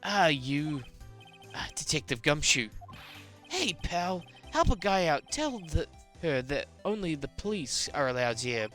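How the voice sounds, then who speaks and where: A bumbling, gruff police detective who calls everyone pal and gets flustered fast, as a woman voices him. The voice sits low and drawn out, over faint game music. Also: sing-song, fairly bright tone, heavily acted.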